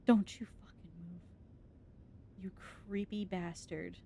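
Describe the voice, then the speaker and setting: A woman's voice: lowish voice, fairly even intonation, takes it slowly, vocal fry, dark tone, a little hiss or hum. A woman streamer giving let's-play commentary on a horror game, jumpy and scared, swearing and laughing nervously.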